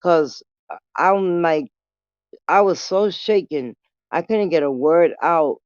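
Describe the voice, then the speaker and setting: A woman telling a story casually on her vlog, animated and full of swearing. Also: lowish voice, slow pace, no room sound, lo-fi sound. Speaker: vlogger.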